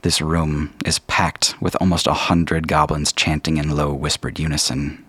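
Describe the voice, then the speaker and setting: A man narrating a tabletop game as game master in a measured, descriptive way, with a husky voice. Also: rumbling low, level tone, fairly bright tone, no echo.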